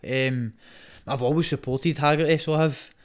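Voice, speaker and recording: A man's voice: a little high, fairly even intonation, normal speed. A man with a Scottish accent, a fighter as a podcast guest, talking bluntly and emphatically in casual chat, swearing a lot and calling the host "mate" after nearly every phrase. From Scotland. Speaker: guest, Muay Thai fighter.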